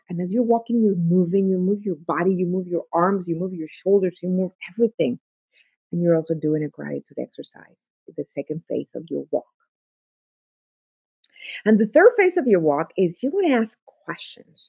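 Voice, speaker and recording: A woman's voice: medium pitch, a little mellow, breathy edge, no echo, muffled recording. A woman life coach giving a motivational talk, emphatic and full of repeated affirmations.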